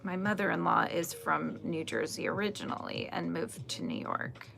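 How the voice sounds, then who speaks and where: Woman, 40s, livestream craft host; chatty, slightly gravelly voice, faint music under her. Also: on the low side, very animated, normal speed. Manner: chatty, answers viewer comments, laughs often. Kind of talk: casual chat while crocheting.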